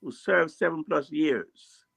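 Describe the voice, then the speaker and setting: A man on a radio talk show who pushes his point hard in a heated debate. His voice sits fairly high for a man. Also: takes it slowly, vocal fry, fairly bright tone, husky.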